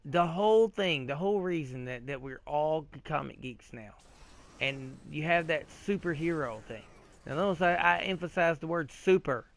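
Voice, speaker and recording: A man hosting a gaming video, ranting in a rambling, profane, excitable way with frequent restarts while he plays. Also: on the high side, normal speed, creaky, dry recording. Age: adult, old enough to remember 80s cartoons. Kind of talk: casual rant while playing a game.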